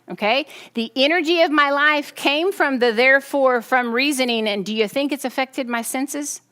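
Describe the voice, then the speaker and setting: A woman preaching a sermon, animated and often checking in with her listeners. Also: medium pitch. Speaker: teacher.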